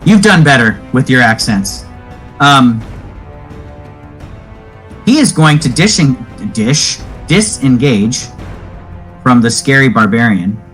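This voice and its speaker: A man's voice: medium pitch, animated, a bit bright, faint music behind, poor audio. Chatty man running a tabletop game. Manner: chatty, explains rules at length, quick questions when puzzled. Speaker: game master.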